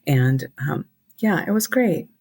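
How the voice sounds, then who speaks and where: A woman's voice: low voice, animated, slow pace, creaky, darkish tone, slightly rough. A woman co-hosting a podcast, leading the discussion in a casual, agreeable way. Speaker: podcast co-host. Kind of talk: casual chat.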